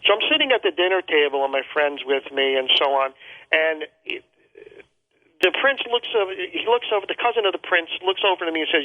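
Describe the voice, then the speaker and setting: A man's voice: on the high side, animated. Man telling a story over a tinny phone line. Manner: rambling, halting, repeats words and fillers. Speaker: interview guest. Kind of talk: telling a personal travel story. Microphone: phone call.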